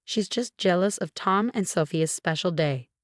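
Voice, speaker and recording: Woman reading a condescending older mother-in-law: low, dry, icy, dismissive. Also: normal speed, dry recording, natural voice. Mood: cold.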